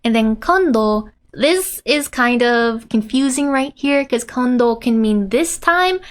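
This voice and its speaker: A woman with a high, bright voice walks through Japanese phrases from a manga page, unhurried and deliberate in her explanations. She keeps the lesson playful, laughing often and slipping into the characters' lines. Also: animated. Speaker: Japanese language teacher. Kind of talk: manga-based language lesson.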